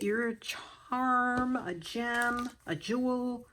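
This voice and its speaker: A woman's voice: medium pitch, animated, takes it slowly, a little hiss or hum. A woman craft vlogger opening a gift package on camera, gushing and gasping over each item and sometimes dropping to a whisper. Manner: gushing, exclaims and gasps. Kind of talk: casual unboxing chat. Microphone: camera on a stand, she moves it by hand.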